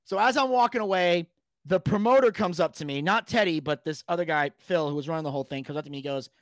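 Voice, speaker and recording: Man, high-pitched, animated, swearing storyteller, dry sound. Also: fast talker, dry recording. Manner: animated, shouts quoted lines, swears a lot. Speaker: podcast guest telling a story. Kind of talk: casual storytelling with profanity.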